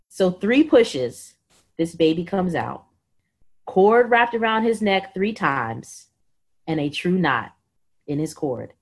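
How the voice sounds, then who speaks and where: Lady guest telling her story on a podcast, voice jumps all over, acts out what everyone said, lots of "like". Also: on the low side. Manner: animated, acts out quotes, says "like" a lot. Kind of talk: casual storytelling.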